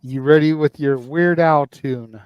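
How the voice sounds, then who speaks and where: A man's voice: on the high side, a little slow, a little mellow, smooth, dry recording. A man hosting a karaoke round and introducing singers with blunt, profane banter. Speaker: karaoke host. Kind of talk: casual chat.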